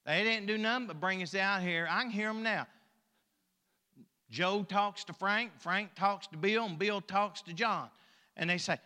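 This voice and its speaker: Older man, preacher; folksy humor, loud-soft swings, long reverb. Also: sits high, unhurried. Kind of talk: sermon.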